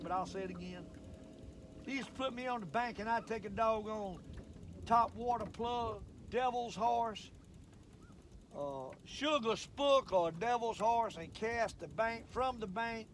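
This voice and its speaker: High-voiced old guy rambling on about fishing from his boat, country drawl. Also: slight background noise. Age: older. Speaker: fishing show host. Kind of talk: casual fishing vlog monologue. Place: outdoors on a boat on a lake.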